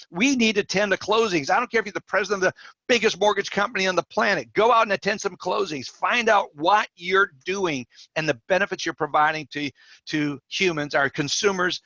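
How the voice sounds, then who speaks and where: Bright-voiced man telling animated stories. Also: high voice, no echo, muffled recording. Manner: animated storyteller acting out quoted dialogue. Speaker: podcast guest, mortgage industry coach. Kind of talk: storytelling in a podcast interview.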